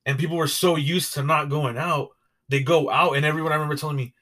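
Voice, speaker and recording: A man's voice: fairly high pitch, fairly even intonation, fast talker, a bit bright. A young man co-hosting a podcast, chatting casually in a rambling way with fillers and swearing. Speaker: podcast co-host. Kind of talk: casual chat.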